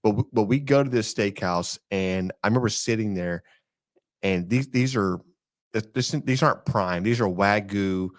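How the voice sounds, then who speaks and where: A man's voice: on the low side, normal speed. A man from Texas co-hosting a casual podcast, rambling and joking, often laughing. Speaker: podcast co-host. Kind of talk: casual chat.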